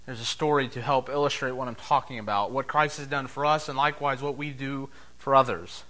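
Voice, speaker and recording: A man preaching a sermon as pastor, emphatic, swinging between loud declarations and soft, low asides. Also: fairly even intonation, a little fast.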